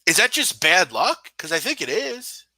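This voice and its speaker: A young man hosts a betting show with a bright, hard-edged voice that swings up and down in pitch. He rants sarcastically and swears a lot. The sound is dry and close, with no room behind it. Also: sing-song, normal speed, breathy edge, no echo. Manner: profane, exasperated, sarcastic. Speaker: sports betting show host. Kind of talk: live-stream casual rant.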